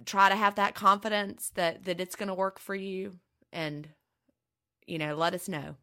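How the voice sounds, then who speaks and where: A woman's voice: mid-range voice, fairly even intonation, normal speed, pushed and bright, clean tone. A middle-aged woman co-hosting a podcast, talking in an earnest, reassuring and personal way in casual chat. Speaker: podcast co-host.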